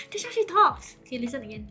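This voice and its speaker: Woman, streamer, casual reaction chat, high-pitched, giggly. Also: sharp tone. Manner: giggly, chatty, loose grammar.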